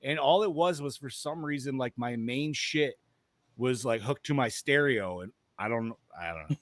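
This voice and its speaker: A man's voice: medium pitch, normal speed, fairly bright tone, no room sound. A man co-hosting a podcast in loose, swearing casual chat. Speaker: podcast co-host.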